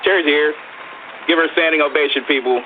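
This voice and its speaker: A man's voice: on the high side, steady tone, fast, a faint crowd, slight background noise. Joking male co-host on a tinny line. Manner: joking, hype-man, laughs often. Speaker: radio show co-host. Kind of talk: casual live radio chat.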